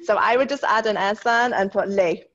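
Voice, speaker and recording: Woman, French teacher on a video call, upbeat and encouraging, mid pitch, slightly muffled audio. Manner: upbeat, encouraging, slows down to model French words. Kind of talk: online class, correcting student writing.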